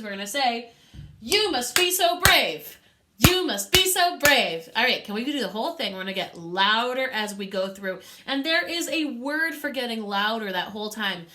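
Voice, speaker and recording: A woman's voice: mid-range voice, sharp tone. A woman teaching a music lesson to young children, patient and encouraging, with a sing-song teacher manner.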